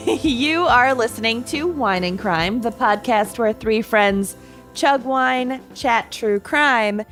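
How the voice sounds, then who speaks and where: A woman co-hosting a casual podcast from home, animated and a little anxious, laughing between lines. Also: a little high, slow pace, soft background music. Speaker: podcast co-host. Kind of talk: casual chat.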